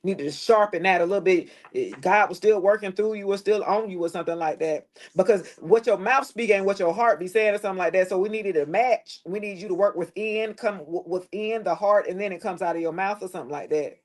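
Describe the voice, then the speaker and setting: A woman giving a casual tarot reading to the camera, blunt and preachy, swearing freely and dropping her voice low at times. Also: quick pace, few pauses, a little mellow. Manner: preachy, blunt and profane, with loose slangy phrasing; drops into a lower tone at times. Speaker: tarot reader.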